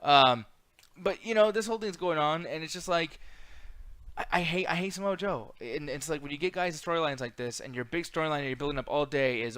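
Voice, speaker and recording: A profane man rants through a casual wrestling chat as co-host. His voice sits fairly high for a man and is recorded dry and close. He slides into mocking impressions mid-rant. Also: a little fast, fairly bright tone, smooth, no echo.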